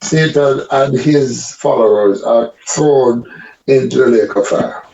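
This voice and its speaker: A man's voice: mid-range voice, slow pace, gravelly, mellow, dull audio. A man in a group Bible study, thoughtfully explaining at length how he reads a verse. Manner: reflective, explains his reading at length. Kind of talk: casual group discussion.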